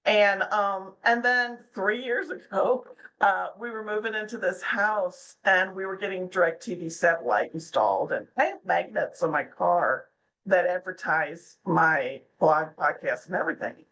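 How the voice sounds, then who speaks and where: A woman's voice: medium pitch, measured pace, fairly bright tone, muffled recording. A middle-aged woman, a podcast guest, chatting casually and telling stories, often slipping into the voices of the people she quotes. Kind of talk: casual interview chat.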